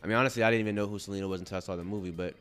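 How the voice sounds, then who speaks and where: A man's voice: fairly low pitch, steady tone, racing, a bit bright, clear, resonant tone. A man co-hosting a podcast, laid-back and laughing often, always saying "you know what I'm saying". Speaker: podcast co-host. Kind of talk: casual chat.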